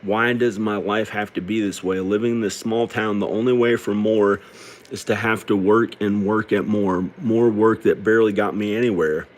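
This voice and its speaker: A middle-aged man with a slightly low voice pours out a personal confessional monologue. He sounds tearful and downcast, halting and rambling as he goes. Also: fairly even intonation, a little hiss or hum. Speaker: video creator.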